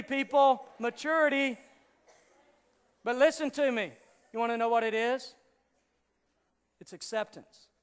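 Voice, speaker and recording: A man preaching to teenagers, firing rhetorical questions at them and swinging from hushed intensity to shouted urgency. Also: very high-pitched, clean tone, long reverb tail. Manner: rhetorical questions, direct address to teens. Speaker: youth pastor. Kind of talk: sermon.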